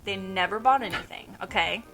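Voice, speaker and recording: Bright, animated young woman storyteller. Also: mid-range voice, a little fast, faint music behind. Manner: animated storytelling, swears freely. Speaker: podcast co-host. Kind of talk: casual chat.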